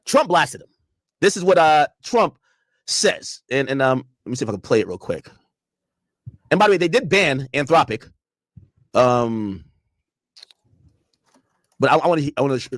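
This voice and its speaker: A man hosting a casual talk show, commenting on the news in an animated, profane way and acting out quotes. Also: mid-range voice, measured pace, long pauses, no echo. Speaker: show host.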